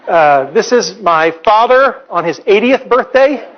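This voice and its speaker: A man's voice: high-pitched, animated, slow, noisy background. A man in his forties, a professor giving a humorous public lecture, telling stories in a wry, playful, earnest way. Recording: slightly dull lecture recording.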